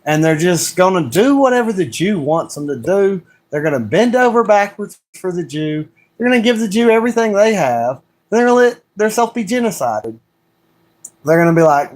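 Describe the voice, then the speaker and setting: Heated high-voiced man ranting. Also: very animated, moderate pace. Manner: heated, ranting, repeated rhetorical questions. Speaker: livestream host. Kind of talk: solo livestream monologue.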